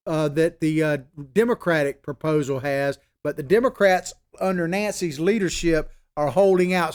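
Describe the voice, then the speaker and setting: High-voiced folksy male political host. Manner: emphatic, repeats points for stress; folksy asides and fillers. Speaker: political commentary show host. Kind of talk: opinionated political commentary.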